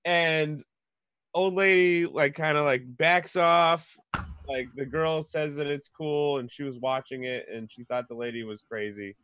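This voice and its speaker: A man's voice: on the high side, steady tone, measured pace, a bit bright, clear, resonant tone, no echo. A man telling a story in casual podcast chat, rambling with many fillers. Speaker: podcast guest.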